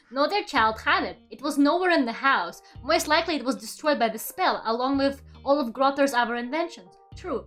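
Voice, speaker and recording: A woman reading aloud as a grave male mage, in a measured, low storytelling voice. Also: fairly bright tone.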